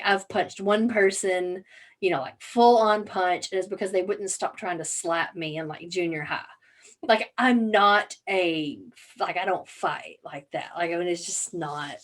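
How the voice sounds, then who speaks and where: Swearing, animated woman telling a story. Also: medium pitch. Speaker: podcast co-host. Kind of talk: casual chat.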